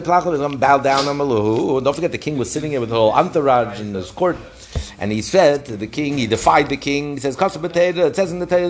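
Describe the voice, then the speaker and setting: Passionate man teaching Talmud. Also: a little high. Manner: passionate, retells the story vividly with Hebrew phrases. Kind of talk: daf lesson.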